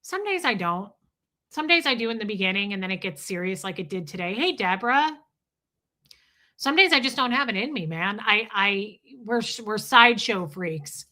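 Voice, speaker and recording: A woman's voice: mid-range voice, lively intonation, normal speed, sharp tone. A woman hosting a livestream, talking bluntly and confessionally with profanity and greeting chat viewers. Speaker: livestream host. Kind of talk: casual livestream talk with chat shout-outs.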